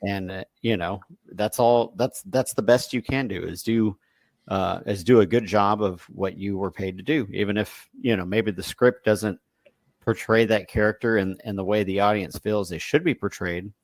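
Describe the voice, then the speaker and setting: A man with a lowish voice speaks casually as a podcast co-host, agreeable and steady. The sound is dry and close, with no room around it. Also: moderate pace, no echo. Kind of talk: casual film chat.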